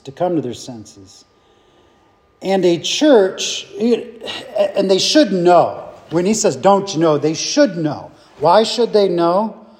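A man's voice: high-pitched, a little mellow, long reverb tail. A man leading an informal Bible study, teaching conversationally and putting questions to his group.

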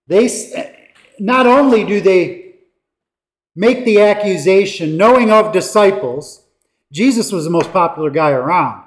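Slow, high-voiced preaching man. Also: animated. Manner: emphatic preaching with dramatic pauses and quoted voices. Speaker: pastor. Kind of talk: sermon.

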